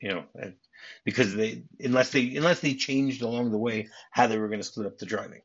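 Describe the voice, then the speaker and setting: A man's voice: mid-range voice, brisk, slightly rough, muffled recording. A man hosting a podcast, casually retelling movie scenes with many restarts and acted-out lines. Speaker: podcast host.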